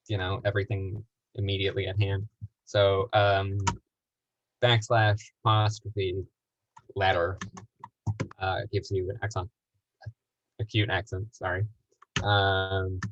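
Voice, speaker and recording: A man with a lowish voice runs a casual live tutorial, wandering through explanations with ums and jokes at his own expense. The sound is dull and lo-fi, like a video call, with a faint hiss underneath. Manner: rambling, self-deprecating, lots of fillers. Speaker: workshop instructor.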